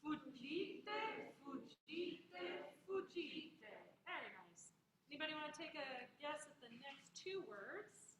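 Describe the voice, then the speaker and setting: A woman with a high, bright voice leads a classroom diction lesson, patiently drilling words and encouraging her students. Her voice is recorded in an echoey classroom with faint noise behind it. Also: expressive. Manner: drills pronunciation slowly, encouraging. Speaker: music instructor.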